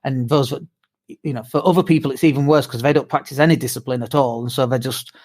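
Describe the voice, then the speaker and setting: A British man co-hosting a podcast, chatting casually and tired from jet lag, telling animated stories with swearing and mimicked whoops. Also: medium pitch, quick pace. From United Kingdom. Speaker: podcast co-host. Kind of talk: casual chat.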